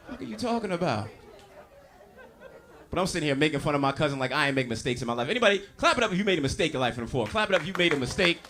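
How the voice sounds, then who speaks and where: A man doing a stand-up comedy set, telling loud, animated, profane stories and working the crowd. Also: fairly high pitch, racing. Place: comedy stage before a live audience. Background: audience laughter.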